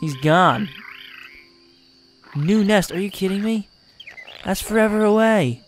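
A man giving excitable, exasperated gameplay commentary and laughing often as he plays. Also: high voice, takes it slowly, slight background noise. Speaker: let's play host.

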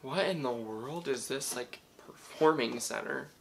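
A man hosting a reaction video, talking back to the screen in excitable, casual commentary. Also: medium pitch, measured pace, creaky, music in the background, rough recording.

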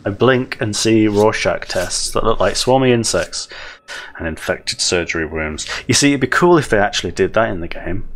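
A man casually commenting on a horror game he plays, joking and sarcastic while reading notes aloud. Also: on the low side. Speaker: let's play host.

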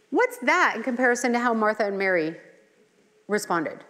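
A middle-aged woman teaches a Bible study in an earnest, conversational way. She mixes scripture reading with personal asides and rhetorical questions. Her voice sits at a medium pitch and rings in a hall with long reverb. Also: very animated, normal speed, a bit bright. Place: church hall.

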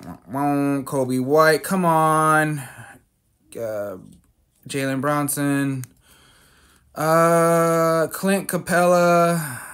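Hosting his own card-collecting channel, a man chats casually while reading out card names, making fun of himself, and using fillers and restarts. His fairly high voice is a bit bright with a clean tone.

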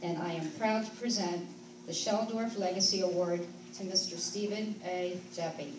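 A woman's voice: on the low side, fairly even intonation, normal speed. A woman formally presenting an award at a banquet. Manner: formal, announcing. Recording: echoey hall, distant mic, noisy.

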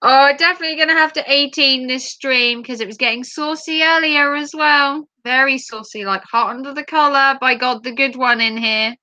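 A woman's voice: high voice, moderate pace, hardly any pauses, sharp tone, dry recording. A woman hosting a live stream, reading out viewer comments in a giggly, playful chat. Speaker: livestream host.

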